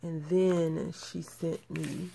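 A woman's voice: low-pitched, little pitch movement, drawn-out words, vocal fry, mellow, breathy edge. A woman in her thirties showing off crafting mail in a casual show-and-tell, gushing and repeating her praise. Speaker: crafting channel host.

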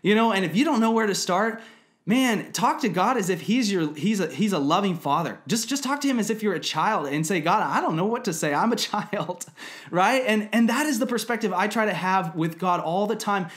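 Earnest man with a higher voice, chatty faith teacher, lots of "um" and restarts. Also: animated, a little fast, fairly bright tone. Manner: earnest, conversational, many fillers and restarts. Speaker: Christian video teacher. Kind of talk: personal devotional teaching to camera.

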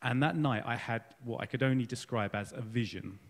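A man's voice: medium pitch, fairly quick, big-room sound. A man giving a candid, rambling personal testimony at a church service. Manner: rambling and candid, self-deprecating. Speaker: congregation member giving a baptism testimony. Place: church hall.

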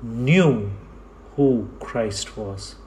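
Slow, deliberate male preacher. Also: medium pitch, lively intonation, a little mellow. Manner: slow, emphatic preaching with repetition. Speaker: pastor. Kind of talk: sermon. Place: church.

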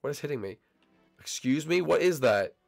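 A young man casually commenting on his gameplay, bantering and teasing his teammates, his voice still a little hoarse as it recovers. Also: fairly high pitch, animated, normal speed, soft background music. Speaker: gaming channel host.

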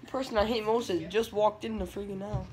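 A man giving live gameplay commentary, excitable and trash-talking, breaking into yelling outbursts. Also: high voice, fairly quick, faint music behind. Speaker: gameplay streamer.

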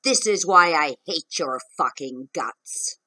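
A woman's voice: sits low, animated, slow, sharp tone, full character voice, low-quality recording. A woman acting out the words of her angry male partner, hurling contemptuous insults in a raised voice.

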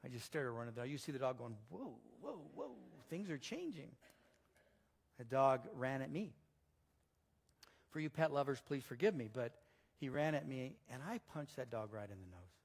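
A male pastor preaching a sermon in a church, telling stories in an animated way that swings between loud and soft. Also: mid-range voice, moderate pace.

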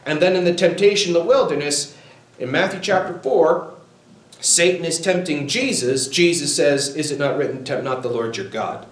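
A man's voice: on the high side, moderate pace, reverberant, low-quality recording. A male pastor preaching a sermon, quoting scripture with rising fervor.

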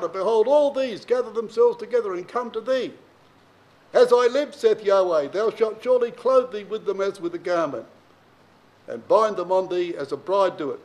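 A man's voice: a little mellow, low-quality recording. A man teaching a sermon, reading old-style scripture verses and explaining them directly to his listeners with emphasis. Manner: reads King James verses then explains them plainly to the congregation; emphatic, varies pitch and pace widely for emphasis. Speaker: Bible teacher.

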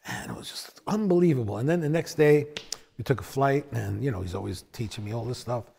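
Gravelly man telling a lively story. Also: fairly quick, a little hiss or hum. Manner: animated storyteller, acts out quotes with big pitch swings. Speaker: bassist. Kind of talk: storytelling in a sit-down conversation.

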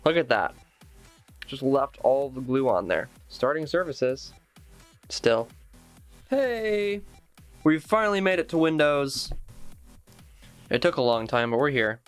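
A man's voice: medium pitch, expressive, unhurried, pauses often, faint music behind. A young man chatting casually as he unboxes and sets up a laptop, thinking aloud with plenty of fillers. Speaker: tech vlogger.

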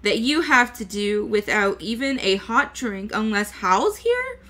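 A woman reader voicing a spirited, bossy elderly woman who scolds in a raised, forceful voice. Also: mid-range voice, very animated, a little slow.

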